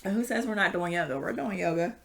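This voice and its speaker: A woman's voice: on the low side, expressive, fast, fairly bright tone. A woman leading a casual yoga class, chatty and rambling, with many fillers and frequent laughs. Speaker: yoga instructor.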